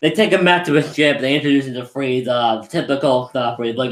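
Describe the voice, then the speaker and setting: A man of middle pitch talks through a movie plot in a loose, rambling way. He trips over restarts and fillers, then jumps into quick impressions of the characters. The sound carries a noticeable room echo. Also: fairly even intonation. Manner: rambling, many restarts and "like", acts out quotes. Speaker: movie reviewer. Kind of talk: casual movie recap.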